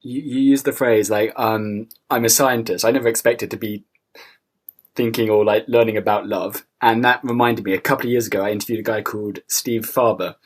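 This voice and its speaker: A man's voice: fairly low pitch, steady tone, fairly quick. A man hosting a podcast, talking casually with lots of fillers as he asks his guest about ideas. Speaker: podcast host. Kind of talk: casual interview chat.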